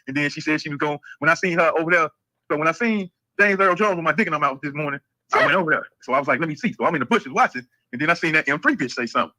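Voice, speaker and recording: Fast-talking man telling brash stories. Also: fairly high pitch, rough recording. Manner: fast, profane storytelling, animated quoting. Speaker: live-stream co-host. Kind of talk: casual live-stream gossip chat.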